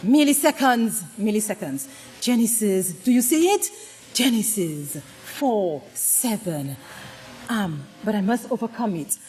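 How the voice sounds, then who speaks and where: Woman, sermon-style storytelling, dramatic delivery, frequent questions to the audience, expressive pitch. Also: unhurried, soft background music. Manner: dramatic, swinging between loud exclamations and hushed low tones; asks the audience questions often. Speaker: speaker at a women's presentation to a congregation. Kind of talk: preaching with humorous storytelling. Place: congregation gathering.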